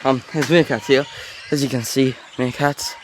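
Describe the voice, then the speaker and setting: A man's voice: medium pitch, steady tone, moderate pace. Male vlogger, rambling and chatty, recorded outdoors on a handheld phone with faint background noise. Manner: rambling, self-aware chatter with filler words. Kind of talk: casual walking vlog. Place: outdoors at a zoo. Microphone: handheld phone camera.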